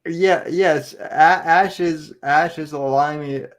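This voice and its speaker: A man's voice: a little high, steady tone, slow pace, a crowd in the background. A man talking casually on a podcast, hesitant and stammering, often restarting his sentences. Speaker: podcast co-host.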